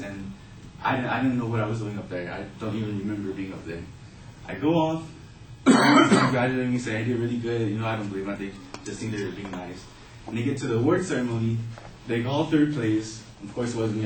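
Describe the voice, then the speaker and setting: A man telling a personal story in a casual, animated way. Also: mid-range voice, slight background noise. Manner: animated, acting out voices in his story. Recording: roomy, distant mic, faint ambience.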